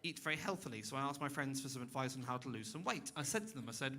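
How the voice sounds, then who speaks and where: A young man doing a stand-up comedy set on a club stage, sarcastic and deadpan, bursting into loud rants at a man in the crowd. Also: medium pitch, quick pace, hardly any pauses. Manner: sarcastic, deadpan then suddenly loud and ranting at an audience member.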